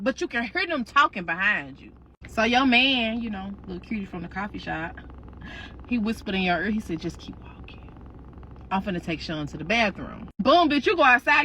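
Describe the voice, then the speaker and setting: A woman's voice: fairly high pitch, bright, forceful tone, slight background noise. A woman telling a dramatic second-person storytime, sassy, slangy and profane. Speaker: storytime creator.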